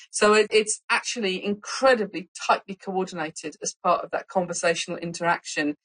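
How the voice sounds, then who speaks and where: A woman scientist explains her research in an interview, animated and expressive. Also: on the low side, rough recording. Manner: animated, expressive, quick asides. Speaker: scientist guest.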